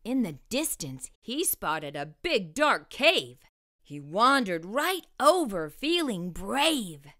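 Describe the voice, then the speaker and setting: A woman reading a rhyming children's picture book aloud, slow and expressive. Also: medium pitch, dry recording, studio quality. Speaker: storyteller. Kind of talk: children's storybook read-aloud.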